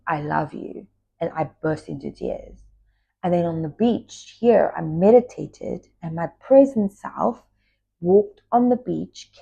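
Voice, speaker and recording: A woman, a former yoga teacher, talking in a casual personal monologue, confiding and reflective, sometimes dropping into soft whispers. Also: dull audio. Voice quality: gravelly, husky low voice. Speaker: spiritual talk host, former yoga teacher.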